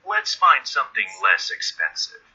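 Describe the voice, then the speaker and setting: A patient dad talks with a bright, husky voice that swings widely in pitch. He stays calm and reasonable. It is a textbook audio dialogue on a dull, lo-fi recording. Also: normal speed, exaggerated voice. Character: patient dad shopping with his son.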